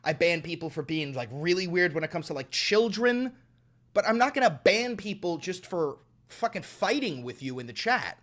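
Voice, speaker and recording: Male streamer, profane and exasperated, pitch swings wildly while he lectures chat. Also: very animated, moderate pace, fairly bright tone. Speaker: live streamer. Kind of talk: livestream rant at chat.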